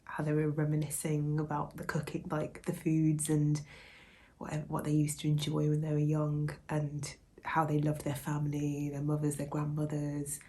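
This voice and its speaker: A young woman talking casually in a reading vlog, soft-spoken and musing, with a hushed way of speaking. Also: low-pitched, monotone, normal speed. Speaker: book vlogger.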